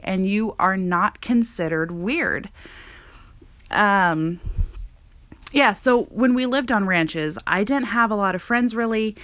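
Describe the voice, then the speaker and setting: Chatty and casual, this Montana woman in her thirties talks through her personal podcast monologue, dropping frequent "um" fillers. Her mid-range voice has a fairly bright tone, and the recording is dry.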